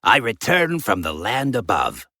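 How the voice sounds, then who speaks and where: A woman plays a respectful goblin guide in a storybook, husky and a little bright. He speaks at a measured, lilting pace and in a formal way. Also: very deep voice, huge pitch swings, no room sound, studio quality, voice pushed down, full character voice. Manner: formal, courteous.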